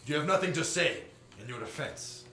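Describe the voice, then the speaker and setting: A man's voice: on the high side, animated, brisk, bright, forceful tone, voice pushed up. A man voicing a stern male admiral presiding over a trial, formal and commanding, in a roomy live stream recording.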